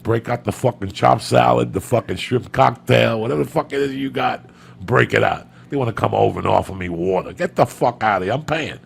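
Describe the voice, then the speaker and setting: A man telling comic stories on a podcast, loud and profane, with punchy bursts and sudden shouts. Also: medium pitch, a little fast, vocal fry, slight background noise. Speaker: comedian guest on a podcast. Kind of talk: profane comic rant and storytelling.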